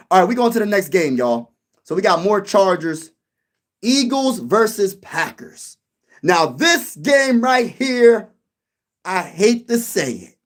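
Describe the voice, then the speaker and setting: A young man from Pennsylvania hosting a casual sports talk stream, slangy and animated, repeating lines for emphasis. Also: a little high. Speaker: sports show host. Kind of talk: casual live-stream chat.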